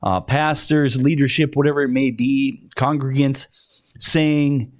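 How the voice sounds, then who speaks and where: A man hosting a reaction video, talking in a slow, hesitant way with many fillers and restarts. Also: medium pitch, fairly even intonation, no room sound, studio quality. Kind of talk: casual commentary.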